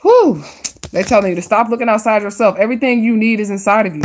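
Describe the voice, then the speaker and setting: A woman hosting a live stream and reading tarot cards for her viewers, chatty and excitable, with casual slang and drawn-out emphasis. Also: medium pitch, a little hiss or hum.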